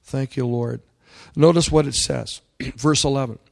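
Animated male pastor preaching a sermon. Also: mid-range voice, moderate pace, creaky. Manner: animated preaching, rising to loud emphatic peaks; asks the congregation questions.

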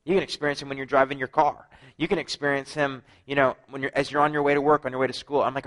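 A man preaching a sermon, telling his own story with lively acted-out dialogue and frequent drops to a hushed voice. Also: a little high, fast talker, few pauses, low-quality recording. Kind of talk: sermon with personal testimony.

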